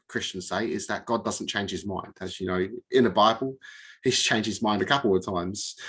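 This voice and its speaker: A man's voice: fairly low pitch, a bit bright, husky. A man in a casual chat, telling stories and laughing at them. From Australia. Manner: chatty, laughs at own stories. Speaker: guest.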